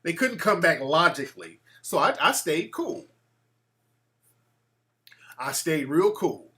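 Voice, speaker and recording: A man hosts a call-in show, telling boastful stories in an animated voice. His voice sits high and swings widely in pitch. It has a bright, forceful edge. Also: takes it slowly. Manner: boastful, animated storytelling with acted quotes. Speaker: show host taking calls.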